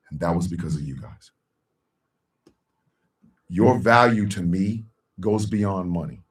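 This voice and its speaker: A middle-aged man hosting a live talk stream, speaking in a heartfelt, slow way with long dramatic pauses. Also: low-pitched, far from the mic. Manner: bursts into a loud shouted sign-off. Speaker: show host.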